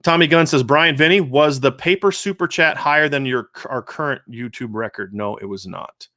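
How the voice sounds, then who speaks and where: A man's voice: medium pitch, normal speed, pushed and bright, no room sound, studio quality. A man hosting a live stream, reading viewer comments aloud and answering them in casual, earnest chat with frequent restarts. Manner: conversational, earnest, many restarts. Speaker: show host.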